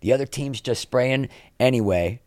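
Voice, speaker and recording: A middle-aged man telling anecdotes in a casual interview as a podcast guest, lively, with quick asides. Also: mid-range voice, dry recording. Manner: animated anecdotes, quick asides, acts out quoted people.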